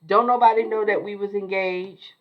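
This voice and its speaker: A woman's voice: medium pitch, fairly even intonation, normal speed, highs cut off, natural voice. A woman voicing a nervous female lawyer who defensively brushes off her secrets.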